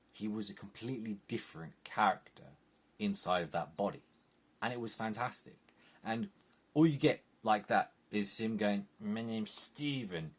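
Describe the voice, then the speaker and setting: An English man talks straight to camera in a low voice with a husky edge. He sounds exasperated and animated as he picks apart an episode. His sentences are packed with casual "like" fillers. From England. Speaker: TV reviewer. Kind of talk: opinionated review monologue.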